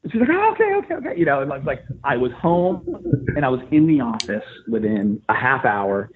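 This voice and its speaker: A man, a sports radio host, retelling a story in casual podcast talk, getting animated and loud as he goes. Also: moderate pace. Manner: excited, animated retelling with rising pitch. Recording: tinny phone line.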